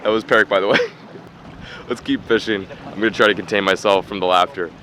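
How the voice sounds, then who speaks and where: A young man vlogging on a fishing boat at sea, chatting casually and commenting excitedly on the fishing. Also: on the low side, a little fast, a little hiss or hum. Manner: excitable, laughing, swings between chatty and loud. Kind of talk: casual vlog chat and live fishing commentary.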